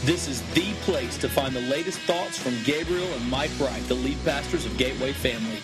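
Man announcing over loud guitar. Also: medium pitch, a little fast. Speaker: podcast announcer. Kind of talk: scripted podcast intro.

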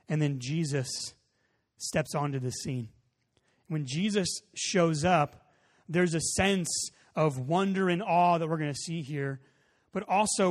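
Animated storytelling man in a reverberant hall. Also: on the high side. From Texas. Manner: animated storytelling, acts out voices. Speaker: pastor. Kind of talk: sermon with personal story.

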